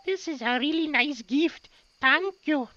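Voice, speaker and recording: A sweet young village girl with a very high falsetto voice and an odd put-on accent, as a man plays her for laughs. The sound is slightly muffled, with a steady hiss behind it. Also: unhurried, full character voice.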